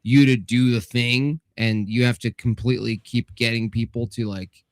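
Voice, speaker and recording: A man co-hosting a livestream, telling stories in animated, giggly casual chat. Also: medium pitch, moderate pace, dry recording.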